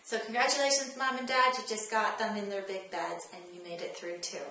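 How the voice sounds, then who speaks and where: A woman's voice: medium pitch, fairly even intonation, fairly quick, pushed and bright. Woman in a very echoey room. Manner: direct, coaching, repeats key phrases. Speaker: parenting advice host. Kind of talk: parenting tips vlog. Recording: very echoey room, faint ambience.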